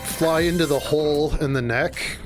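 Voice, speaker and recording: A man's voice: fairly high pitch, normal speed, soft background music. A man playing a tabletop game, joking around with stumbling restarts. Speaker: player. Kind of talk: casual tabletop game chat.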